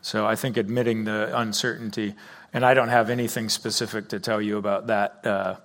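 A man, a church leader, answering questions in a careful, hedging, measured way. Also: on the low side, flat delivery, a bit bright. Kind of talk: church Q&A discussion.

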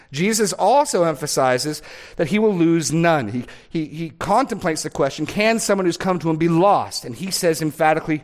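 A man's voice: a little high, expressive, moderate pace. A man preaching a sermon as a pastor, reading scripture aloud and stressing key words.

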